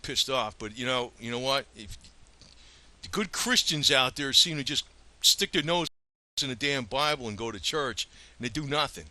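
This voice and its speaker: Fired-up man ranting with a bright voice. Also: medium pitch, expressive, normal speed. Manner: profane, heated, rambling rant. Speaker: vlogger. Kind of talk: angry ranting vlog.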